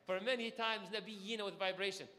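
Male preacher, high and bright, lively call-and-response sermon in an echoey hall. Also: a little fast. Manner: energetic, asks audience questions, call-and-response. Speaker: imam.

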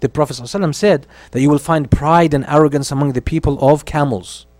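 Male lecturer, slightly high-pitched, dry close recording; recites and translates, repeats for emphasis. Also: rapid-fire, darkish tone, no echo. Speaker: religious history teacher. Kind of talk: lecture on early Islamic history.

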